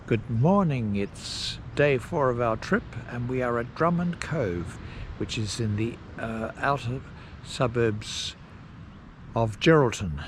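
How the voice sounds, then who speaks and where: Slow, rambling man outdoors. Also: medium pitch, animated, noisy background. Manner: unhurried, rambling with pauses and fillers. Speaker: travel vlogger. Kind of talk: casual travel narration. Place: outdoors at coastal campsites.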